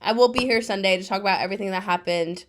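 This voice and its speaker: A woman's voice: medium pitch, racing. A young woman recapping a reality show to her viewers, ranting in exasperation and swearing often.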